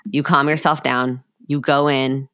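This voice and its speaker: A woman's voice: rumbling low, little pitch movement, unhurried, a bit bright, smooth, dry recording, clean studio sound. A woman psychologist hosting a podcast, talking through parenting in a reflective, conversational way and voicing parents' inner thoughts.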